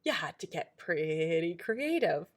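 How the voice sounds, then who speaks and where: A woman's voice: on the low side, sing-song, unhurried. Earnest woman podcaster, emphatic. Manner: earnest, emphatic, many restarts and "like"s. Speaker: podcast co-host. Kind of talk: casual reflective chat.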